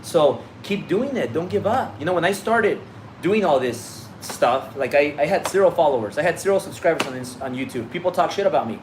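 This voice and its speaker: A man's voice: fairly high pitch, expressive, brisk, a little hiss or hum. A man giving a blunt, profane motivational talk on a livestream as a business coach, often restarting his sentences.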